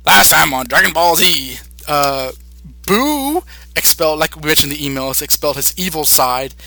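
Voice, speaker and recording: A man's voice: a little high, animated, normal speed, vocal fry, pushed and bright, a little hiss or hum. A young man hosting a podcast, casually retelling a cartoon episode with many fillers and restarts. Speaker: podcast host.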